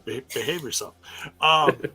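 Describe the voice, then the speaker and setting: A man hosting a late-night stream, tired after hours on air, warmly thanking the audience as he wraps up. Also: medium pitch, measured pace, music in the background. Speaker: podcast host.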